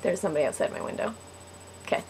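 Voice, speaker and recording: A woman's voice: racing, a little mellow, slight background noise. A teenage girl telling a personal story to camera in a casual, giggly way, full of "like". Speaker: vlogger.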